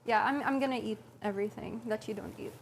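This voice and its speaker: A woman's voice: on the high side, fast, slight background noise. A woman streamer chatting casually and teasing her friend while cooking in a home kitchen.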